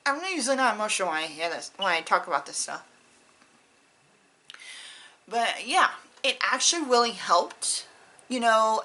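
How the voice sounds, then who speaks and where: Bright-voiced woman chatting candidly. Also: fairly high pitch, low-quality recording. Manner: rambling, candid and personal. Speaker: beauty vlogger. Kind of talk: casual chat to camera.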